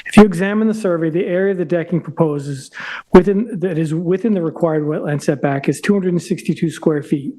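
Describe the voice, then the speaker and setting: A man with a somewhat high voice presents a case before a local board. He is hoarse, as if losing his voice, and talks in a halting way, often restarting words and clearing his throat. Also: mellow, poor audio. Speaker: applicant's representative at a zoning hearing. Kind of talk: formal presentation at a public meeting.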